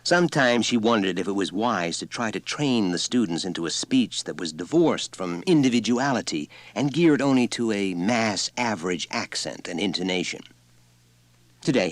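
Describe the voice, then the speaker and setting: A man narrating a story in an expressive, lively reading. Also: sits low, normal speed, no echo. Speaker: audiobook narrator.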